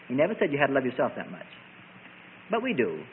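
A man's voice: mid-range voice, wildly swooping pitch, quick pace, a little hiss or hum. A man preaching a sermon, driving his points home by repeating and contrasting phrases. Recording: tinny phone-like sermon recording.

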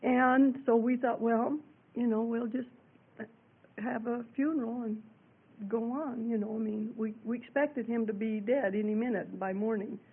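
A middle-aged woman preaches and tells her own testimony in an earnest, conversational way, full of "you know"s. Her voice sits high. The sound is thin and narrow, like an old radio broadcast heard over a phone line. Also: steady tone, unhurried, breathy edge. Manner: earnest, conversational storytelling with many fillers. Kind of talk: sermon and personal testimony.

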